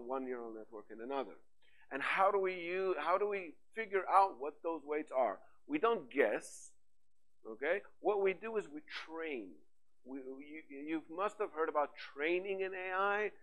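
A man giving a conference talk on AI, lively and rhetorical, with frequent fillers and restarts. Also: mid-range voice, low-quality recording. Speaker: conference speaker. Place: conference hall.

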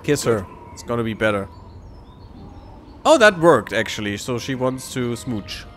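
A man's voice: mid-range voice, sing-song, a little slow, a bit bright, soft background music. A man hosting a let's play, giving casual sarcastic commentary while he plays and swears freely.

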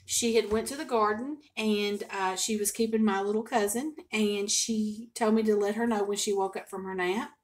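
An older woman, a home cooking vlogger chatting and telling a family story to camera in a folksy, expressive way. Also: mid-range voice.

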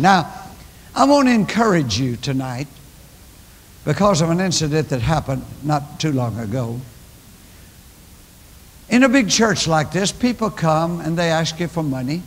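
Older man, pastor, high-pitched, emphatic sermon, echoing hall. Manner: emphatic preaching, storytelling with repetition. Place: large church. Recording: long church hall reverb.

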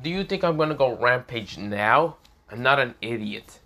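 A man's voice: medium pitch, expressive, moderate pace, sharp tone. A man voicing a cranky, foul-mouthed teenage male devil who talks bluntly and swears a lot. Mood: angry.

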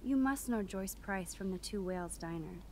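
A woman's voice: mid-range voice, moderate pace, a little mellow, a little hiss or hum, natural voice. An actress voicing a wry, reflective young female student in a video game.

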